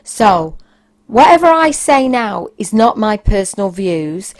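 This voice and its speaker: Woman podcast host, candid storyteller, mid-pitched, blunt delivery. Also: very animated, slow. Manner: frank, blunt, with bursts of raised emphasis. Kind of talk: casual anecdotal storytelling.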